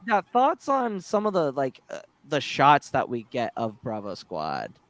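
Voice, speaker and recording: A man hosting a podcast, chatting casually and excitedly, with many fillers and restarts. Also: medium pitch, a little slow, no room sound. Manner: excited, retells scenes with filler-heavy restarts. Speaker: podcast host. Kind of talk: casual chat.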